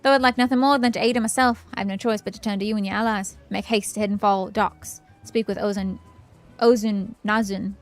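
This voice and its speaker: A woman voicing a bold seafaring pirate leader in a loud, declaiming game-dialogue delivery, with faint music behind. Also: medium pitch, fairly even intonation, fairly quick, natural voice. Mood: commanding.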